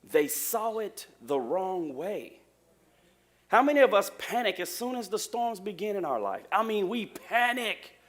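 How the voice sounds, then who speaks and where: A man preaching a lively sermon in a church, joking with the congregation. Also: high-pitched, a little slow. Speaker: pastor.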